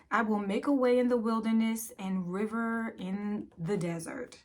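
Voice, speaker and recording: A woman's voice: fairly high pitch, steady tone, measured pace, few pauses, darkish tone. A young woman from West Baltimore with a Baltimore accent, speaking earnestly and emotionally in a personal vlog, trying not to cry. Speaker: vlogger.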